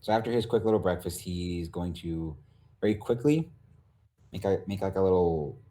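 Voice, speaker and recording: Low-voiced man, halting tabletop player. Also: animated, mellow. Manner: halting, with many fillers. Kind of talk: casual tabletop game play.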